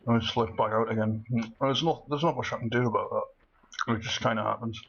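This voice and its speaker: A husky-voiced man talks through a video game with a cold, rambling from one thought to the next and breaking into laughter. He sounds manic and all over the place. The recording is a little dull and muffled. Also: mid-range voice, steady tone, a little fast, fairly bright tone. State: has a cold. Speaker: let's play commentator. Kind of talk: casual gameplay commentary.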